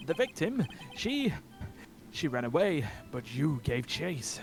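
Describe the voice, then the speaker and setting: Man voicing a smug, theatrical video-game witness; high, wide-ranging delivery. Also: sing-song, slow, gravelly, faint music behind, heavily acted. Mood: testifying. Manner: theatrical, sweeping pitch swings. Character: smug male witness giving rehearsed courtroom testimony. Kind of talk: voicing game text on a stream.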